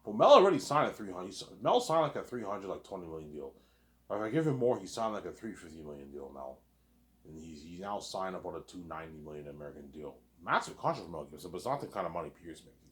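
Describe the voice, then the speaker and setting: A man's voice: low-pitched, big pitch swings, fast. A man rambling through a casual solo monologue, repetitive and profane, saying 'obviously' over and over.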